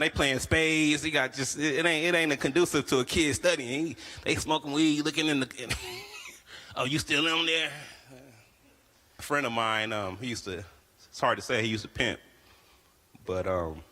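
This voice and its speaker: Bright-voiced man doing animated stand-up. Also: big-room sound. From Bay Area, California. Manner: animated storytelling, acts out friends' voices in a higher pitch. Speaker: stand-up comedian. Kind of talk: stand-up comedy set.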